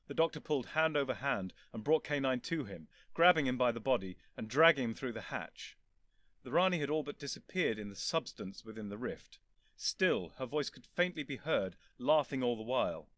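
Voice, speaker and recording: A man reading a story aloud as narrator, in a lively, expressive storytelling manner. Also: mid-range voice, dry recording. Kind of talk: scripted audiobook narration.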